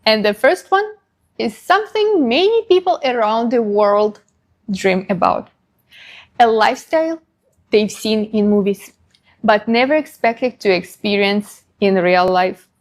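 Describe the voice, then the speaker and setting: Measured woman narrating a video. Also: mid-range voice, animated. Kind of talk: scripted narration.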